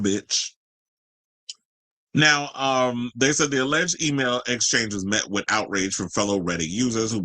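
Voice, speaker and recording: Male pop culture commentator, sarcastic and profane, bright voice, dry booth sound. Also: lowish voice, dry recording, rough recording. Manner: sassy, profane, sarcastic, mocking. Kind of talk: ranting commentary video.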